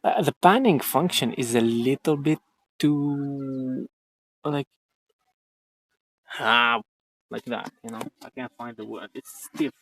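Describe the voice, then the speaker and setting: A man's voice: medium pitch, takes it slowly, long pauses, fairly bright tone, no room sound. A man chatting casually on a livestream outdoors in a garden, rambling and joking with lots of swearing. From Ukraine. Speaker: streamer.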